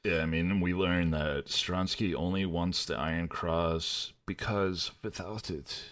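A man's voice: low voice, fairly even intonation, unhurried, fairly bright tone. A young man co-hosting a podcast, chatting casually about a film in a rambling, profane way with frequent laughs. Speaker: podcast co-host.

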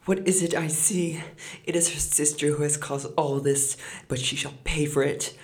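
A man voicing a greedy, scolding mother of two girls, with a shrill, excitable voice. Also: normal speed, close to an everyday voice. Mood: excited, shrill.

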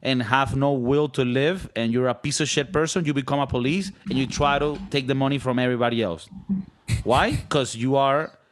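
A man's voice: mid-range voice, fairly even intonation, moderate pace, slight background noise. A young man with a Venezuelan Spanish accent, co-hosting a podcast in casual, joking, rambling chat. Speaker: podcast co-host.

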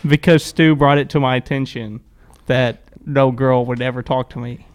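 A young man with a Texan accent in casual podcast chat, joking in a deadpan way. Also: medium pitch, normal speed, a crowd in the background. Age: young adult.

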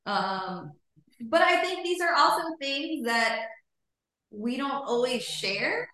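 A woman's voice: sits high, expressive, slow pace, sharp tone. A woman hosting a casual podcast, chatty and laughing through her words. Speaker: podcast host. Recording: very echoey room.

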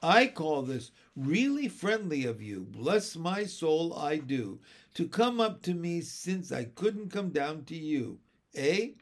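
Man voicing a jovial elderly uncle, booming, giggly, lively swoops in pitch. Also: slow, exaggerated voice. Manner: hearty, booming, bubbling with laughter.

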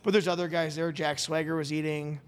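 A man's voice: a little high, brisk. Sex: man. Role: podcast host. Style: rambling storytelling. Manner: rambling, animated, quotes people in dialogue. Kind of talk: casual storytelling chat. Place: studio.

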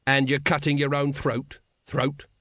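A man's voice: medium pitch, no room sound, close to an everyday voice. A man doing a gloomy, dry watch captain. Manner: slow, dry and flat. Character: weary, gloomy male city watch captain. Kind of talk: audiobook character voice.

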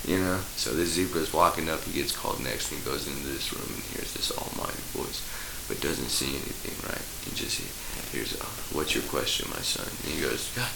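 A man's voice: extremely low pitch, a little fast, gravelly, few pauses, roomy sound, background noise. A man telling long, profane jokes and stories in a rambling, casual way, putting on voices for the people in them. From Idaho. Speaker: podcast guest, local musician. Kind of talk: casual storytelling.

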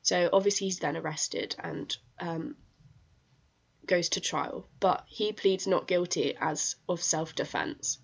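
A woman's voice: lowish voice, steady tone, takes it slowly, gravelly, slightly rough. A woman co-hosting a podcast, telling a crime case in a casual, chatty way with many fillers and restarts. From England. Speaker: podcast co-host. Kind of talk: casual true-crime chat. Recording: dull lo-fi sound.

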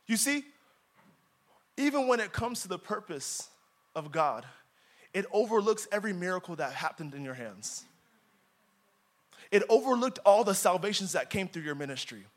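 High-voiced man preaching a sermon. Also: very animated, unhurried, long pauses. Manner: dramatic, swings from loud emphasis to quiet asides. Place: church.

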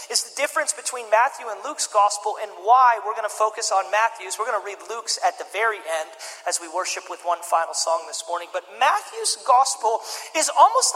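Joking pastor in an echoey hall. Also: male voice, sits high, pushed and bright. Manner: conversational, joking storyteller. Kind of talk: sermon.

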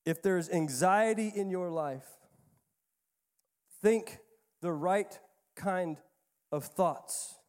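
Emphatic higher-voiced man preaching. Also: drawn-out words, pauses often, long reverb tail. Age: 30s. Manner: emphatic, repeats key phrases, swings between quiet and loud. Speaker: pastor. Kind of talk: sermon.

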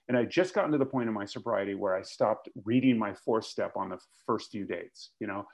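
A man's voice: fairly low pitch, fairly quick, hardly any pauses. A man speaking to a recovery meeting, telling his story with candid, blunt, self-mocking humor. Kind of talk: confessional comic storytelling.

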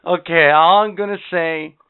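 A man with a slightly high, smooth voice rants and swears his way through a story on a casual podcast. The sound is thin and tinny, like a phone line. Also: steady tone, normal speed, no room sound. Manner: profane, ranting storyteller. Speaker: podcast co-host. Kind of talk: casual chat.

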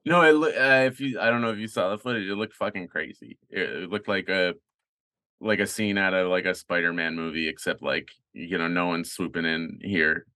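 Bright-toned man, rambling casual chat. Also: sits low, steady tone, brisk, no echo, studio quality. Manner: rambling, lots of fillers and restarts.

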